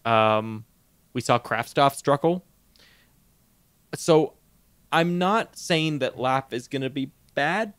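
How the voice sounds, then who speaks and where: A man co-hosting a podcast in casual sports chat, animated, laughing often and tripping over his words. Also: medium pitch, takes it slowly, pauses often, clear, resonant tone, dry recording. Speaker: podcast co-host.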